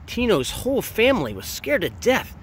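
A man's voice: high-pitched, huge pitch swings, moderate pace, a bit bright, slight background noise. A man reading a picture book aloud, drawing out the big words for dramatic emphasis. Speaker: reader. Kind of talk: storybook read-aloud.

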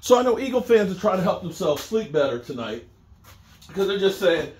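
A middle-aged man giving a casual, animated sports talk monologue, repeating himself as he riffs. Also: high voice, brisk, reverberant. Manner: animated, repetitive, conversational. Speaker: sports commentator.

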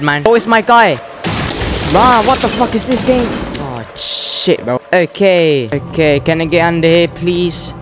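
A young-sounding man plays through a horror game, cursing and jumping at every scare. His voice sits high, and he talks back to the characters on screen. Faint music plays under him. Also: animated, measured pace. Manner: jittery, swearing, talking back to game characters. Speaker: gaming channel host. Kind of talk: horror game playthrough commentary.

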